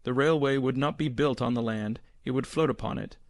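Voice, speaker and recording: A man reads an audiobook aloud in a measured, grave storytelling manner. His voice has an ordinary middle pitch for a man. The recording is dry and close-miked, with no room sound. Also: no echo. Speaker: audiobook narrator. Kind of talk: scripted narration.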